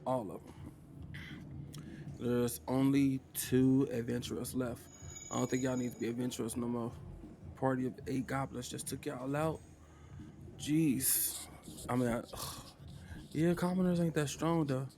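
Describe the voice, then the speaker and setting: A man's voice: mid-range voice, steady tone, unhurried, long pauses, dark tone, a little hiss or hum. A man, narrating a tabletop game as game master in a casual way, sighing and muttering to himself.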